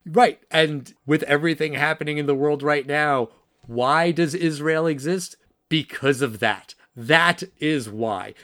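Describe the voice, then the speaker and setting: A man's voice: on the high side, measured pace, fairly bright tone, dry recording, studio quality. A man co-hosting a casual film podcast, talking bluntly and passionately, with frequent swearing. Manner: impassioned, blunt and profane. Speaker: podcast co-host.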